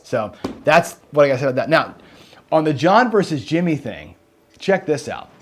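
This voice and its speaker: A man hosts a casual livestream, rambling and tacking "right?" onto nearly every sentence, swearing when he gets heated. His voice is fairly high with big pitch swings, at a moderate pace.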